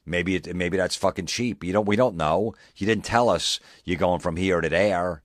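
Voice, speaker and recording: A man's voice: deep voice, moderate pace, no echo, clean studio sound. A man hosting a podcast, ranting in a profane, sarcastic way and mocking people in put-on voices. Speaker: podcast host. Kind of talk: comedic rant.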